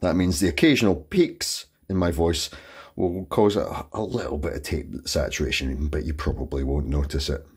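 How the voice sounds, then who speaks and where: A man hosting an equipment tutorial in his home studio. His voice is very deep and dark, with a husky texture. He explains each step methodically. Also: moderate pace. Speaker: tutorial host.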